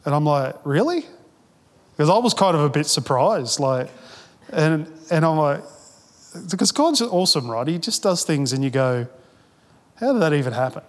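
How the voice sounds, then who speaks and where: A man's voice: a little high, animated, moderate pace, in a large hall. A man preaching a sermon as a pastor, telling stories in a casual, chatty way with restarts and quoted asides. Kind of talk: sermon storytelling.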